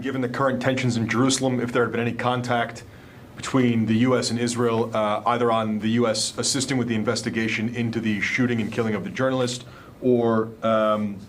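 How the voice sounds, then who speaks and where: A man's voice: medium pitch, a little hiss or hum. A man reporting at a press briefing, asking long, winding questions. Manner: quick, long-winded questions.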